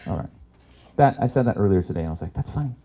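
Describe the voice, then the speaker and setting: A man performing live stand-up, telling stories with sudden loud shouted impressions. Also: deep voice, animated, very fast. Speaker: stand-up comic. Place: expo stage before an audience.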